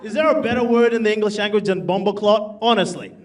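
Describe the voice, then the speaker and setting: A man's voice: high-pitched, fast. A male stand-up comedian doing a crude, brash set in a comedy club, laughing at his own jokes. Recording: distant stage mic, loud crowd. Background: audience laughter.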